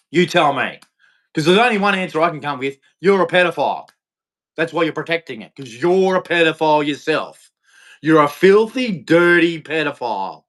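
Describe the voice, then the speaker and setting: A man's voice: high-pitched, fairly bright tone. A man ranting angrily on a live stream, profane and repetitive, hammering the same points over and over.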